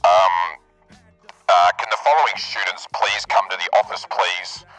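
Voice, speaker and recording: A man imitating a school office announcer, droning a call for students in a flat official tone. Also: low-pitched, measured pace, soft background music, voice pushed down. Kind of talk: mock loudspeaker announcement.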